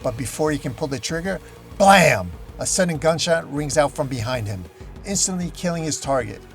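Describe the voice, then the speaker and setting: A man recaps a comic book issue in a dramatic, emphatic storytelling voice. His voice sits somewhat high for a man, with faint music under it. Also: lively intonation, a little fast, creaky.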